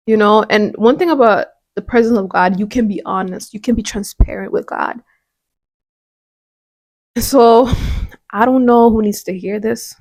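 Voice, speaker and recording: A woman's voice: mid-range voice, darkish tone, dry recording. A woman hosting a devotional podcast. She talks in an earnest, conversational way and often restarts her sentences. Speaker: podcast host.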